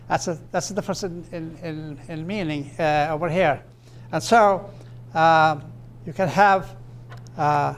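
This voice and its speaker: A man with a fairly high voice lectures on grammar. He slows down and stresses each example phrase, then explains it with small fillers and restarts. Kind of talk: recorded lecture.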